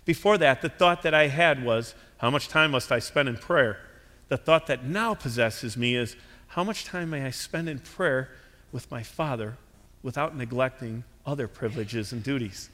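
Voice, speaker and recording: Male pastor, earnest emphatic sermon delivery, mid-pitched, church hall reverb. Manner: earnest, emphatic preaching with wide swings in loudness.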